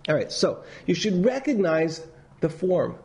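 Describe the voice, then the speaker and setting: A man teaching a class, telling stories in a loose, animated way with many restarts and reading passages aloud. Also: high-pitched, measured pace. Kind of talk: lecture with read-aloud passages.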